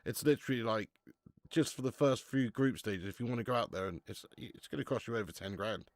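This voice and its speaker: A man's voice: mid-range voice, brisk, no echo. A man hosting a live football watch-along, chatting casually, swearing and reading out viewer messages.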